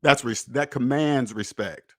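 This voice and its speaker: A man hosting a personal finance podcast in an emphatic, preachy monologue, repeating points and swearing, swinging between loud jabs and low muttered asides. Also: a little slow. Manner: emphatic, preachy, repetitive, with profanity. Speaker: podcast host.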